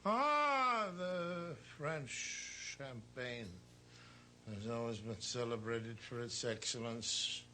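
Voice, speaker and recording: A man reads a vintage commercial in a slow, drawn-out, theatrical delivery. His tone is bright and forward, and faint noise sits under the voice. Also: medium pitch, expressive. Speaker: commercial announcer.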